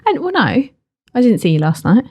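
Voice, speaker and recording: Giggly woman with a lively voice. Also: a little high, brisk, husky. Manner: giggly, teasing. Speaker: podcast co-host. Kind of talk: casual chat.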